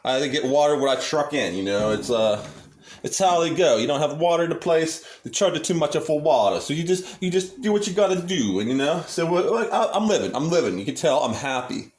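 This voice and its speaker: A man's voice: on the high side, animated, fairly quick, a little mellow, reverberant. A man rambling cheerfully through a casual home cooking vlog at his stove, restarting sentences often. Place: small home kitchen at the stove.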